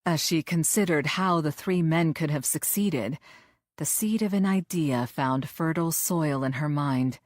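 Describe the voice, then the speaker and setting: Low-voiced woman narrating an audiobook. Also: no echo, clean studio sound. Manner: measured, even reading.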